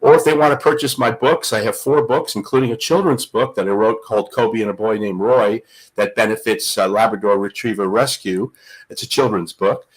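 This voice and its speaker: A man's voice: fairly low pitch, fairly quick, husky, poor audio. An older man, a guest on the show, telling stories in a dramatic, emphatic way. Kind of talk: animated storytelling.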